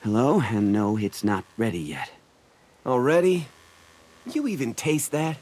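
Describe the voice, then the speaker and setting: A man voicing a teasing, cocky teenage boy who cooks in a video game, with a lively voice. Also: mid-range voice, unhurried. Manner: teasing, playful.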